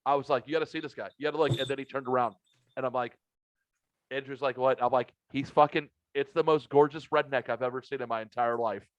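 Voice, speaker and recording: A man telling a story on a podcast, swearing freely and getting animated as he goes. His voice sits in a middle register. The recording is dull and dry, with no room sound. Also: medium pitch, quick pace, no room sound. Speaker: podcast host. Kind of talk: casual podcast chat.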